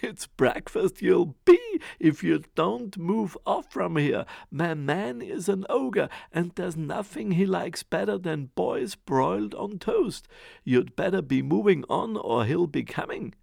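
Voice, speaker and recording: Man voicing a fussy giant ogre's wife for a storybook: high, loud, bustling, gravelly edge. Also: sing-song, a little slow, no room sound, studio quality, heavily acted. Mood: scolding. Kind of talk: storybook reading.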